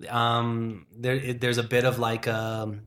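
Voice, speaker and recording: A man's voice: mid-range voice, level tone, slow pace, fairly bright tone. A man in his forties, a film industry worker chatting as a podcast guest, rambling and thinking aloud with many restarts. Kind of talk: casual interview chat.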